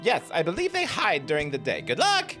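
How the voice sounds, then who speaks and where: A man's voice: a little high, huge pitch swings, a little fast, sharp tone, soft background music, pitched above the performer's own voice, full character voice. A man voicing a cheery, chatty eccentric village woman in a game playthrough, sweetly pushy as she hands out errands. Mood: chirpy.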